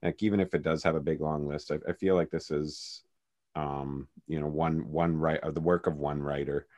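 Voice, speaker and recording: A man co-hosts a podcast in casual chat, his voice very low. He rambles and keeps restarting his sentences, scattering fillers as he goes. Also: fairly even intonation, moderate pace, a little mellow. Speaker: podcast co-host.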